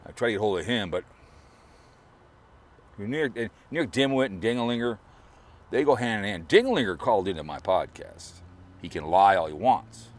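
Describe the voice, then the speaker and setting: A man's voice: fairly low pitch, lively intonation, moderate pace, pauses often. A middle-aged man rambling through a sarcastic mock eulogy on his video channel, at times putting on strained fake sobbing. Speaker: online video creator. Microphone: camera or phone mic, mic falls over.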